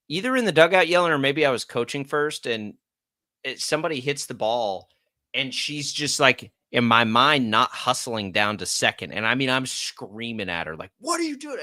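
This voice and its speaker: A bright, forceful man hosts a sports radio show with an American accent. He chats energetically and reads promos in a breezy way. The mic sound is dry and close. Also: mid-range voice, measured pace, no room sound. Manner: chatty, energetic, reads ad copy. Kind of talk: casual sports talk radio.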